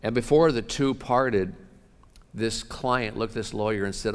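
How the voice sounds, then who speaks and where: A man preaching a sermon as pastor, animated, shifting between loud outbursts and hushed asides. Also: fairly low pitch, measured pace, smooth. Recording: long reverb of a large hall.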